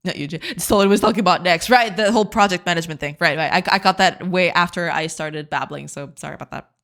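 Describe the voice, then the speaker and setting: A woman game developer streaming live, chatting casually, explaining her work slowly and often restarting mid-sentence. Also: on the low side, fairly bright tone. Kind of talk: casual livestream chat.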